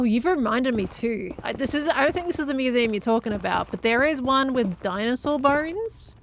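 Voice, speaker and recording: A woman's voice: fairly high pitch, a little hiss or hum. An Australian woman from Victoria chatting casually on a gaming live stream, laughing often and answering chat as she plays.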